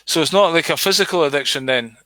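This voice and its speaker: A man hosting a casual interview, easygoing and quick to chime in with agreement. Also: on the high side, pushed and bright, no echo, rough recording. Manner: easygoing, frequent "aye" backchannels. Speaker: interview host.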